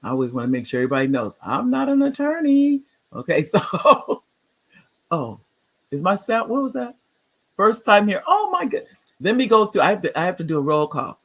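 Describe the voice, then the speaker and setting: A retired teacher in his sixties hosts a livestreamed talk show, rambling chattily and greeting viewers by name with excited upswings. His voice sits high and he talks fast.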